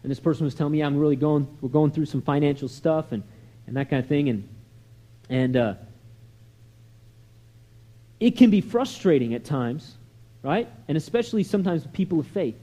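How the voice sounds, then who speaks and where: A man preaching a sermon in a conversational, storytelling way, sliding from soft asides to loud, emphatic lines. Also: a little high, expressive, normal speed, long pauses. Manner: conversational storytelling with many "you know" and "right?" asides. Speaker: pastor.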